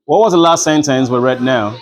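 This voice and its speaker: Slightly fast and medium in pitch, this young Nigerian-English-accented man teaches literature to a class. Storytelling with animation, he voices the dialogue of the people in his stories.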